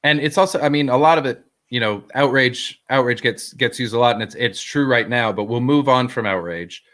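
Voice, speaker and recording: Measured mid-pitched male co-host. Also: a bit bright. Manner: measured, thoughtful, hesitant fillers. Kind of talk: casual chat, storytelling.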